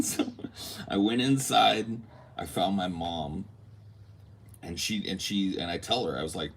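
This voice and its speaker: Deep-voiced man telling a story casually. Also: normal speed, a little hiss or hum. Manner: animated, acts out quotes, swears freely. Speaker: podcast host.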